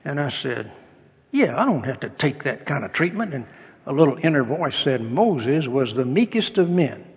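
Gravelly older pastor preaching in a hall. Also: male voice, medium pitch, big pitch swings, normal speed. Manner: folksy storytelling with humor and quoted dialogue. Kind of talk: sermon. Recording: long reverb of a hall.

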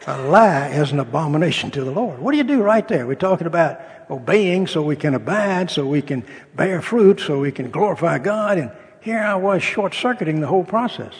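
A man's voice: high voice, expressive, normal speed, few pauses, husky. An older man, a pastor, preaching a sermon in a folksy storytelling way, with humor and acted-out dialogue. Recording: long reverb of a hall.

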